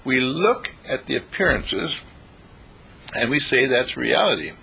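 This preacher's sermon unfolds a little slowly, his husky, gravelly voice bright and sharp at the edges. He tells stories with animation, swinging his pitch widely and acting out each character's voice.

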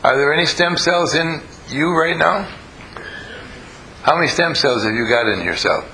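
A man's voice: on the high side, expressive, normal speed, bright, forceful tone, a little hiss or hum, poor audio. A man leading a live group, questioning and coaxing the audience and telling stories as he teaches. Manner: storytelling. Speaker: group leader teaching a class. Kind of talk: interactive talk to a live group.

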